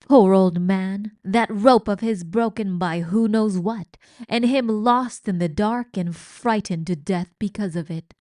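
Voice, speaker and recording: A woman voicing a ferocious, mouse-hating castle cook in a storybook reading, with loud, tearful outbursts. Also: mid-range voice, a little slow, dry recording, clean studio sound, natural voice. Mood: distraught. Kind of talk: storybook read-aloud.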